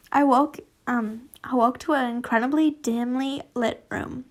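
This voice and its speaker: Reading fanfiction aloud, a young woman speaks slowly in a high voice with a steady tone. She rambles casually, frequently breaking off to laugh, apologize, and make chatty side comments.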